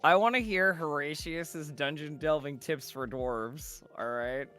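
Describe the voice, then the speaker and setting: A man's voice: a little high, measured pace, bright, forceful tone, faint music behind. A tired man joining a casual stream chat, joking and sarcastic. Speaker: co-host guest.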